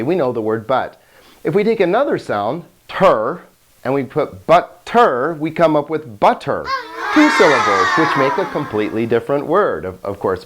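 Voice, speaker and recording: A teacher giving a video lesson on Greek pronunciation, joking and chuckling, slowing down to drill words one by one. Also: medium pitch. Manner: playful, chuckles at own jokes; slow, deliberate word-by-word pronunciation drills.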